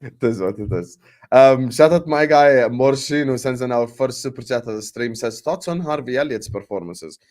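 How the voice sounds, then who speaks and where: A young man hosting a casual football debate livestream, animated and full of banter and fillers, while fasting. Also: medium pitch. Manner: animated, banter-heavy, lots of filler phrases. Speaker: football podcast host.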